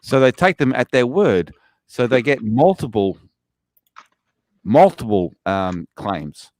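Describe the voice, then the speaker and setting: A man chatting casually, complaining in a halting way with many fillers. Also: mid-range voice, very animated, darkish tone, no room sound. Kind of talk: casual chat.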